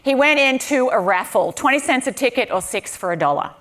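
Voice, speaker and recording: A woman's voice: high voice, brisk. An Australian woman giving a keynote speech to a live audience, telling stories with humor and energy. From southern Australia. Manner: lively, humorous storytelling to an audience. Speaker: keynote speaker. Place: conference venue with a live audience.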